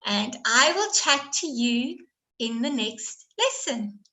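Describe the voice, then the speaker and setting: A woman's voice: on the high side, big pitch swings, takes it slowly, sharp tone, rough recording. A woman teacher running a quiz lesson, praising and encouraging her students.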